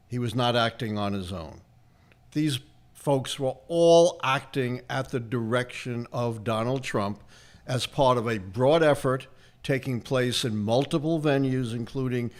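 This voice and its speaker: An older man with a Brooklyn accent, giving emphatic, lecturing political analysis on a livestream. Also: medium pitch. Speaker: political historian guest answering questions.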